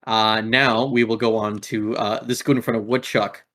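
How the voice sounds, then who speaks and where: A man's voice: on the low side, flat delivery, moderate pace, fairly bright tone. A man narrating as game master in a laid-back way, with many filler words.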